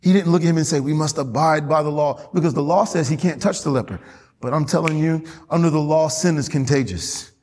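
A man's voice: fairly high pitch, fast talker, darkish tone. A man preaching a sermon as pastor, often asking the congregation questions and waiting for their response. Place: church hall. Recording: long hall reverb.

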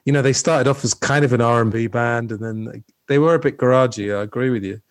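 A man's voice: mid-range voice, quick pace, no room sound, clean studio sound. A man hosting a casual film discussion, talking loosely with many fillers and restarts. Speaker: podcast host.

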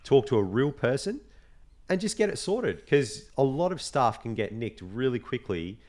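Animated man telling stories. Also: mid-range voice, normal speed. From Australia. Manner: animated storytelling, acts out quoted voices. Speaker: podcast co-host. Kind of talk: casual chat.

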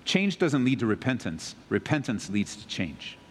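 A male pastor preaching an earnest sermon that swings between loud urgency and quiet emphasis. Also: medium pitch, very animated, normal speed, long reverb tail, slight background noise.

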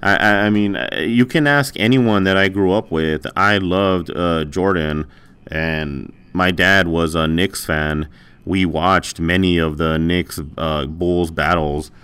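A man's voice: low voice, takes it slowly, a bit bright, clear, resonant tone. A man in casual, swearing banter, defending a cynical point of view in an argument.

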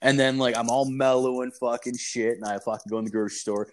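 A man's voice: mid-range voice, fairly even intonation, fast. A man telling a rambling, profane story in casual chat, filling it with "like" and "dude".

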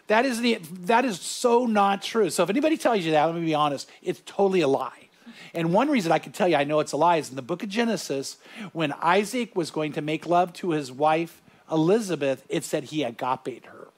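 Male pastor preaching to a small room of listeners, earnest and animated, voice sitting a bit high, words tumbling over restarts. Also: fairly quick. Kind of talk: sermon.

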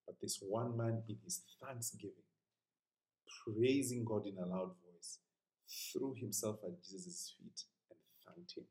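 A man preaching a sermon in an earnest, conversational way, at times sinking to a hushed whisper. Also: fairly low pitch, steady tone, a little slow, echoey room, poor audio.

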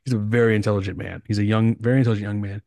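A man's voice: on the low side, little pitch movement, very fast, gravelly, a little mellow, no echo, clean studio sound. A man co-hosting a podcast, telling long rambling stories in casual slang full of swearing. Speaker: podcast host. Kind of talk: casual chat.

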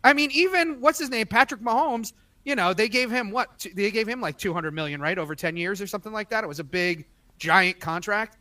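A man co-hosting a casual sports podcast, agreeing often and chiming in with quick replies. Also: sits high, bright, forceful tone. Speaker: podcast co-host.

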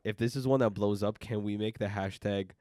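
A man co-hosting a podcast in casual chat, telling stories in an animated way and swearing freely. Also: lowish voice, dry recording. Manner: rapid, animated storytelling with swearing. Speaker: podcast co-host.

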